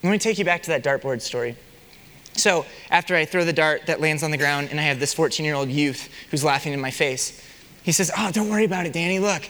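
A young pastor with a fairly high voice preaches briskly, his words trailing into a long reverb. His delivery is animated, built around stories and rhetorical questions put to the congregation.

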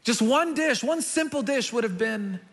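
A man voicing a gentle male teacher who calmly and casually reassures a stressed friend. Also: extremely high pitch, normal speed, voice pushed up, heavily acted. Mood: reassuring. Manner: calm, reassuring, casual paraphrase.

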